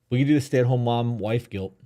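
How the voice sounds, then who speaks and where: A man's voice: medium pitch, slight background noise. A man co-hosting a podcast, chatting casually in a laid-back, teasing way and swearing freely. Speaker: podcast co-host. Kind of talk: casual chat.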